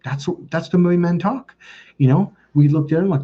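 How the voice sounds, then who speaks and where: A middle-aged man coaching on dating, telling a long anecdote in a loose, rambling way and swearing as he goes. His voice is dark and husky, and he pitches it up to act out the people in his story. The recording sounds dull and lo-fi. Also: moderate pace. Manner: profane, rambling, acts out quoted voices. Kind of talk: casual storytelling monologue.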